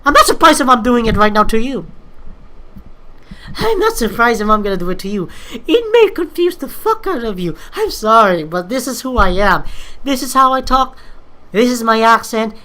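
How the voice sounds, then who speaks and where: A woman's voice: fairly high pitch, lively intonation, normal speed, sharp tone. A young woman from the Philippines, talking through a casual, rambling monologue, hesitant and full of fillers and restarts. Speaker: vlogger.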